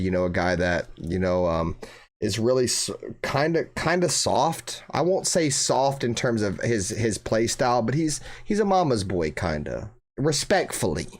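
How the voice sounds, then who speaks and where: A young man hosting a fan channel livestream who reads viewer comments, swears freely and keeps calling listeners bro. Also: on the low side. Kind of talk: casual livestream chat reading viewer comments.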